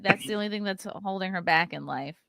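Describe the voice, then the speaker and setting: A woman's voice: mid-range voice, a little fast, vocal fry, noisy background. A woman hosting a podcast in casual comedic chat, teasing and laughing between lines. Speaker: podcast host.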